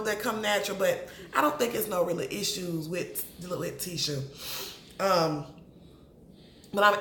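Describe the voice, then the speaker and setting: A woman, chatting casually to camera as she reviews a reality show and talks straight to its people. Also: mid-range voice. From Atlanta. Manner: chatty, animated, addresses people on the show directly. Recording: roomy echo, faint background noise.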